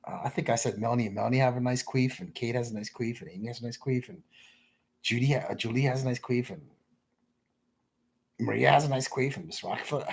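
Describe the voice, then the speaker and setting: A man rambling in crude off-the-cuff commentary, mumbling and trailing off into low asides. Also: fast, creaky, slightly rough. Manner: crude, rambling, self-interrupting.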